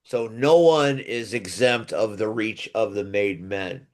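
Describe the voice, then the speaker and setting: A man's voice: on the low side, slow. Chatty man hyping upcoming matches. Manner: enthusiastic, rambling with restarts. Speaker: podcast host. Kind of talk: casual wrestling preview chat.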